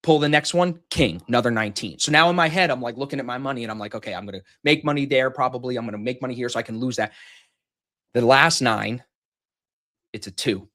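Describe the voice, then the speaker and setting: Male podcast host, mid-range voice, foul-mouthed, animated anecdote teller. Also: medium pitch, fast. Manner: animated, profane storytelling, acts out quotes loudly. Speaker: podcast host telling a story. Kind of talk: casual chat.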